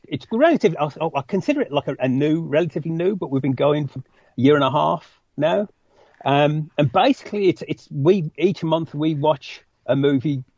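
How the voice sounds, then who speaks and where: A man's voice: a little high, darkish tone, husky, dry recording, lo-fi sound. A man with a West Midlands English accent, a podcast guest chatting casually in a self-deprecating way. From West Midlands, England. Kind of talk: casual chat.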